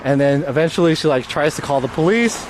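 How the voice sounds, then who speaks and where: A man's voice: fairly high pitch, quick pace. Profane young man ranting on the street. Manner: slangy, profane, animated retelling. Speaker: live streamer. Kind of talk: casual storytelling on a live stream. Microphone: mobile streaming mic. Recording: loud street and traffic noise.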